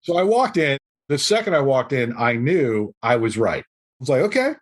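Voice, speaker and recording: A man as a podcast guest, telling a story in an animated, self-deprecating way. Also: mid-range voice, normal speed. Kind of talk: storytelling in conversation.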